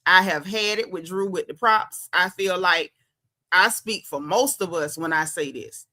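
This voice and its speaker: Bright-voiced sassy Southern woman. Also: on the low side, unhurried. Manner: chatty, sassy, greets viewers by name. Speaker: livestream host. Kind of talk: casual livestream chat.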